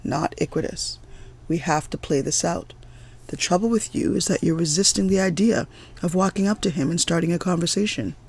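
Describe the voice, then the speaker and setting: A man reading aloud voices a patient woman who explains things calmly, staying close to his own voice. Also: fairly high pitch, a little fast, vocal fry, breathy edge. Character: calm knowing woman guide.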